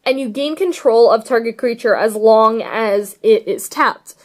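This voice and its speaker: A young woman talks through her card deck in a loose, rambling vlog. Her voice sits a little high, and she gushes over favorite cards with plenty of fillers. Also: a little slow. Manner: gushing, rambling, filler-heavy. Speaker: card game vlogger. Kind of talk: casual deck tech chat.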